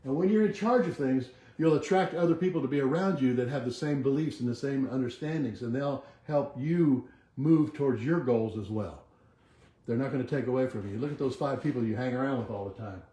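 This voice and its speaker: Older male motivational speaker, mellow voice, slow soft affirmations that trail off, roomy home recording. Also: mid-range voice. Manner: repeats affirmations slowly and softly, trailing off quieter. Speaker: chiropractor leading a weekly motivational march. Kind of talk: motivational self-help talk with affirmations. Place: home kitchen with a bay window.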